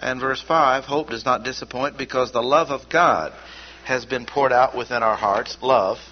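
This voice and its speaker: A man teaching from scripture at a measured pace, pressing on key words and repeating them. His voice sits in a middle register. The recording is dull and lo-fi, with a faint hiss behind him. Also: mid-range voice. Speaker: Bible teacher. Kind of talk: expository Bible teaching.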